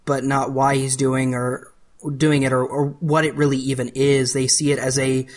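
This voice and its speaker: A man's voice: mid-range voice, level tone, moderate pace. Rambling male podcast co-host. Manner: rambling, restarts phrases often. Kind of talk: casual chat.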